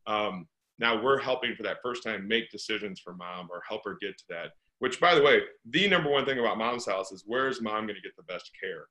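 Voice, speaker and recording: A man's voice: lowish voice, brisk, sharp tone, rough recording. A middle-aged man from St. Louis, a real estate investor being interviewed, talking earnestly and piling up rhetorical questions. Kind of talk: conversational interview.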